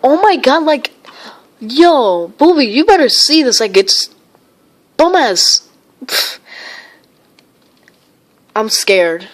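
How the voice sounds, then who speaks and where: A woman's voice: high-pitched, very animated, slow pace, long pauses. A woman live-streaming, rambling and exclaiming often while reading viewer comments. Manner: rambling, filler-heavy. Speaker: livestream weather vlogger.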